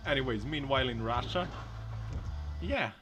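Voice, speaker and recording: A man hosting a casual video, laughing often and shouting at what he sees on screen, joking as he goes. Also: medium pitch, expressive, unhurried, over music. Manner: laughs often, exclaims loudly at crashes; jokey, slips into silly put-on voices. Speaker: host. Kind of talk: casual commentary over clips. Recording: noisy background.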